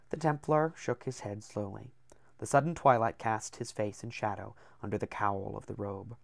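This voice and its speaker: A man narrating an audiobook in a steady, descriptive reading. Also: lowish voice, normal speed, vocal fry, no room sound.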